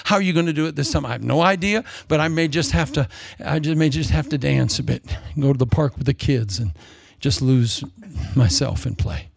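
A man preaching a sermon in a lively, jokey way, acting out quotes in different voices. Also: on the high side, brisk, gravelly, few pauses, dry recording. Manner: animated, jokey, acts out quotes.

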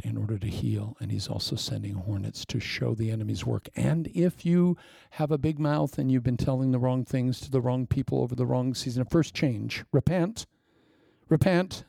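A man's voice: mid-range voice, gravelly, dark tone, slightly rough, no echo, clean studio sound. A man preaching a fervent, conversational sermon and leading a closing prayer.

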